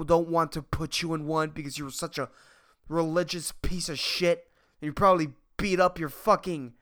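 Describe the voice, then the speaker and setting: A man's voice: on the high side, a bit bright, clean tone. A man hosting his own podcast, talking alone in a rambling, profane comic rant. He gets worked up, laughs at his own jokes and restarts his sentences often. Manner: exasperated, agitated. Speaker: podcast host. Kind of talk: solo comedic rant.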